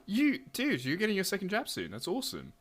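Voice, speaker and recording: A man's voice: high-pitched, huge pitch swings, a bit bright. A man co-hosting a podcast in casual chat, reacting with enthusiasm. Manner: enthusiastic, quick reactions and laughter.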